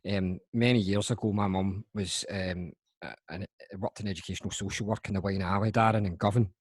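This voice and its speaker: Husky Glaswegian man telling a story. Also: low-pitched, steady tone, dry recording. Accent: Glaswegian Scottish. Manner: halting, amused anecdote telling. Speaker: podcast host, mental health nurse. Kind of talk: casual storytelling.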